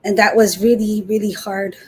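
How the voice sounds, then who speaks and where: A middle-aged woman guest speaking earnestly and with emotion, halting at times, in an interview over a video call. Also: mid-range voice, flat delivery, darkish tone, husky. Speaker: guest, Air Force veteran. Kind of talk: personal interview talk.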